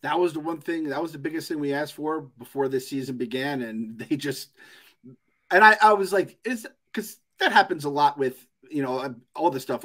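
A man's voice: medium pitch, fairly bright tone. A young man hosting a podcast in a casual chat, ranting, swearing and laughing often. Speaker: podcast host.

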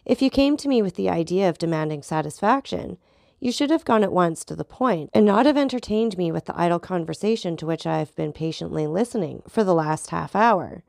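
A woman voicing a calm, ironic male journalist who replies in a deliberate, measured way, with a gravelly voice. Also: lowish voice, no echo, clean studio sound.

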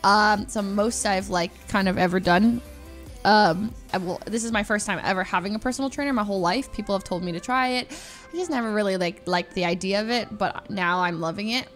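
A woman's voice: mid-range voice, a little fast, fairly bright tone, soft background music. A young adult woman streamer telling a story casually and animatedly, laughing often and stretching words for emphasis.

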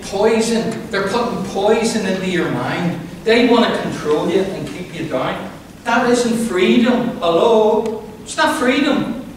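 A male pastor preaching a lively sermon, playful and calling on the congregation to answer back. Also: high voice, slight background noise. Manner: playful, with call-and-response to the congregation. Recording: very echoey hall, voice from far off.

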